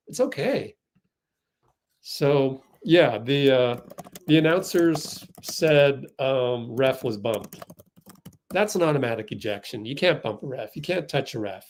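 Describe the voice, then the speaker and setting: A man hosting a fan livestream, giving excitable live play-by-play and getting outraged at the referees. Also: on the high side, unhurried, a little hiss or hum.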